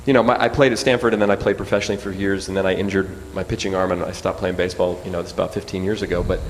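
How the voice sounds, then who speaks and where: A man in his forties, a guest speaker, telling an animated personal story in a sermon. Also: deep voice, very fast. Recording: echoey hall with faint hum.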